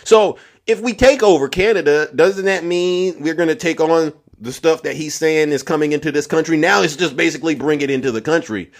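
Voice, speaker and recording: A man's voice: on the high side, fairly quick, hardly any pauses. A man hosting a live political debate stream, talking to his chat and calling people up, mocking and repeating himself. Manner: mocking, repetitive, taunting callers.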